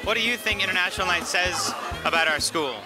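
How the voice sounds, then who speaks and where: A man's voice: high-pitched, fast, low-quality recording. A man working as a roving reporter at a busy school event, joking and teasing the people he interviews. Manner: goofy, teasing, jokey. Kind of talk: playful on-the-street interviews. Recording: crowd and music noise. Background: music and crowd chatter.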